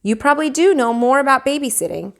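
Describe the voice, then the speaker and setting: A woman's voice: sits high, expressive, gravelly, a bit bright, voice pushed up, exaggerated voice. Woman doing a flustered storybook mom. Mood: worried. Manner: hurried, worried. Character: flustered busy mother of two boys.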